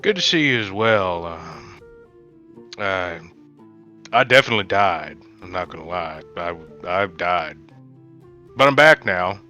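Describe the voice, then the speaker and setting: Lively low-voiced man on a dull dry mic. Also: measured pace, pauses often, faint music behind. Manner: hesitant, wry. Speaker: player. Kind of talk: playing a tabletop game in character.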